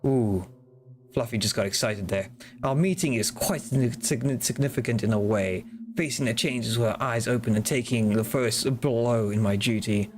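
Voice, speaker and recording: A man live-streaming a game, his voice sitting at an ordinary mid pitch. He reads the on-screen dialogue aloud in a loose, casual way, breaking off to ramble, joke and swear. Game music plays clearly underneath him. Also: normal speed, a little mellow. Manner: casual, rambling, swears and jokes between read lines.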